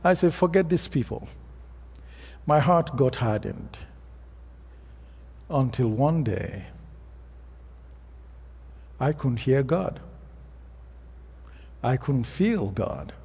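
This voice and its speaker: A man's voice: medium pitch, animated, very slow, gravelly, pauses often, darkish tone, breathy edge. A man with an African accent, a pastor preaching a sermon and telling stories in a plain, earnest way. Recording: long reverb of a hall.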